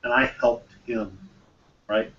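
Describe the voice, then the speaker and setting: A man's voice: mid-range voice, little pitch movement, takes it slowly. A man hosting a mastermind group discussion, talking casually and often acting out quoted exchanges with repeated phrases. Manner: conversational, repeats phrases, acts out quoted dialogue. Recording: distant, dull, faint room noise.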